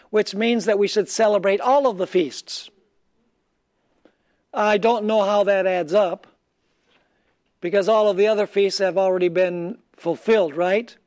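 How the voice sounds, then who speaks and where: A man preaching a sermon who asks his listeners questions and answers them himself, reading scripture slowly and deliberately. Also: high voice, a little mellow.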